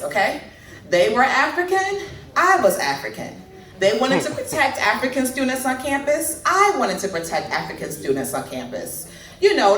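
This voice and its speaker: A woman in her thirties performs stand-up, talking easily with the crowd and teasing them. Her fairly high voice swings up and down in a lively way. The sound is roomy and echoey, caught from a distance in a club. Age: 30s. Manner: conversational, teasing the audience. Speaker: stand-up comedian. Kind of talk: stand-up comedy set. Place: comedy club stage. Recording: echoey club from far mic.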